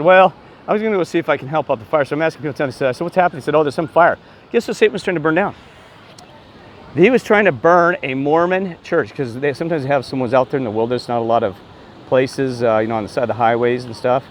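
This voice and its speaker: Excitable rambling man talking outdoors near traffic. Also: mid-range voice. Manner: excitable, meandering, repeats exclamations of disbelief. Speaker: self-described street minister. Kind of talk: rambling casual vlog storytelling.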